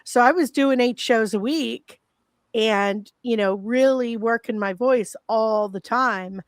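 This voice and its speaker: Gravelly-voiced woman speaking slowly. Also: fairly high pitch, dry recording. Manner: reflective, warm storytelling with laughs. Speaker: guest, former child actress. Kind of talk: casual panel chat.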